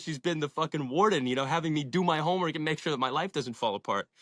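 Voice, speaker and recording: A man's voice: fairly high pitch, lively intonation, fast talker, fairly bright tone, no echo, studio quality. A young man in his twenties, a podcast guest, telling his story in a passionate, inspirational way and swearing freely. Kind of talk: casual storytelling in an interview.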